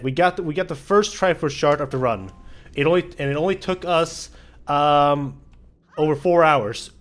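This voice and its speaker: A young Swedish man chats casually while gaming on a charity livestream, rambling, swearing, and restarting his sentences a lot. His voice is somewhat high and fairly bright, at normal speed.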